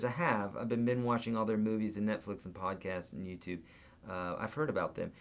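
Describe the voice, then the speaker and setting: A man's voice: lowish voice, steady tone, moderate pace. A man hosting a live guitar Q&A, chatting casually, reading viewer comments aloud and counting out beats and picking patterns.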